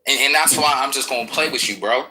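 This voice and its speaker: A man's voice: mid-range voice, fast, bright, forceful tone, a little hiss or hum, poor audio. A man trash-talking a rival in an online audio chat room, aggressive, profane and threatening.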